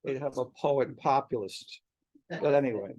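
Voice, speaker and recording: A man's voice: mid-range voice, moderate pace, a little mellow, dry recording, lo-fi sound. A man introducing poets at a reading, chatting with asides and self-corrections, then reading quoted lines of poetry aloud. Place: poetry bookshop reading, hybrid video call.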